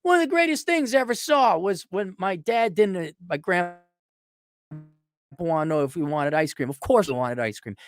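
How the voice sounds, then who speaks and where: A man's voice: high voice, sing-song, fairly quick, no echo, clean studio sound. A middle-aged man giving a blunt, profane, casual monologue answering listener questions, acting out quoted exchanges.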